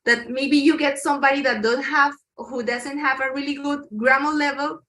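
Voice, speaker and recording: A woman from Colombia with a Colombian Spanish accent and Spanish as her first language. She speaks as a Spanish teacher giving an interview, explaining patiently and pausing to search for English words. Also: sits high, steady tone, a bit bright, rough recording. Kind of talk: conversational interview.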